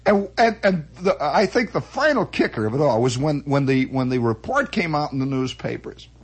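A man telling a comic story from his childhood as a monologue, animated, acting out sound effects and voices with many restarts. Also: a little high, normal speed, husky.

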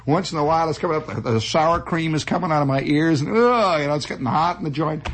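A man's voice: on the high side, lively intonation, fast, fairly bright tone. A man telling a rambling, wry, self-mocking comic story as a monologue.

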